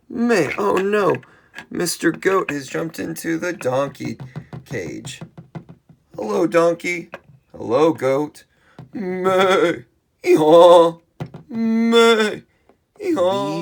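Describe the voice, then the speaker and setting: A woman presenting a children's learning video, speaking very slowly and deliberately. Her pitch swings widely and playfully as she gasps in surprise and imitates animal noises for young viewers. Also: vocal fry. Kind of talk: children's educational storytelling.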